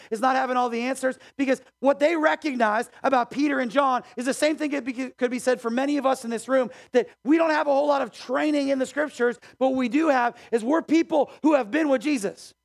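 A male pastor preaching a sermon in a church, emphatic and conversational, with animated swings in energy. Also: very high-pitched, fast, creaky, few pauses. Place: church auditorium.

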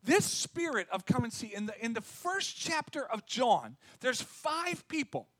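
A man preaching a sermon as pastor, talking in a lively, conversational way and acting out quotes. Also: very high-pitched, measured pace, dry recording.

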